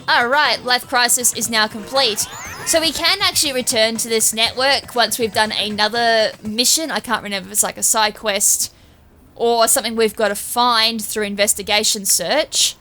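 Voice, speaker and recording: Woman, let's-play commentary, chatty, rambling, bright voice, fairly high. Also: steady tone, moderate pace, soft background music. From Australia. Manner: chatty, rambling, self-correcting. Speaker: gaming streamer.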